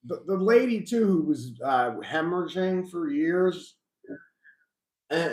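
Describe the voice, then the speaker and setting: A man's voice: on the high side, darkish tone. Middle-aged man musing in an echoey room. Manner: reflective, rambling with restarts. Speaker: host. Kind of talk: casual live chat about faith. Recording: roomy echo.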